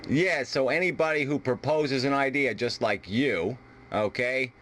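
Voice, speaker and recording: A man's voice: medium pitch, measured pace, a bit bright, a little hiss or hum. Profane, ranting American man. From United States. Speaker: video debater. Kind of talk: heated argument.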